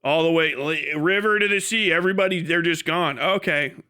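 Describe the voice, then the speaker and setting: A man's voice: fairly high pitch, a little fast, bright, forceful tone, clean tone. A man hosting a livestream, ranting heatedly and profanely, mocking and breaking into laughs. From United States. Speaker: livestream host.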